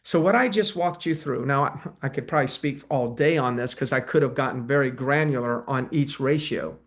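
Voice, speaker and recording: A man's voice: mid-range voice, fairly quick. A man coaching real estate agents in a webinar, talking conversationally and acting out sales calls. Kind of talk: webinar presentation and Q&A.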